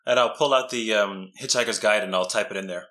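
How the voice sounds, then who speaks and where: A man playing in a tabletop game, excitable and exclamatory. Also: fairly low pitch, quick pace. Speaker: player.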